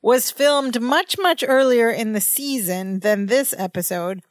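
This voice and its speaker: A woman's voice: fairly high pitch, a little slow, no echo. A woman co-hosting a podcast, casually retelling a sitcom scene and laughing as she quotes lines. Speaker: podcast co-host. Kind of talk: casual recap chat.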